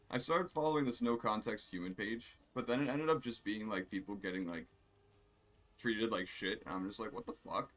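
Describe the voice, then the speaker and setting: A man's voice: lowish voice, a bit bright. A man streaming a racing game, rambling and swearing in casual commentary while he plays. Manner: rambling, profane, self-amused.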